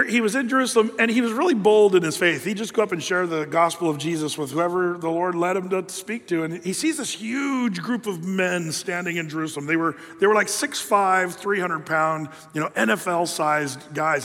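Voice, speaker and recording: A male preacher with a high, ringing voice delivers a conversational sermon. He tells stories in a folksy, animated way. The recording has a long reverb tail from a large hall. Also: a little fast. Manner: chatty, folksy, animated storytelling.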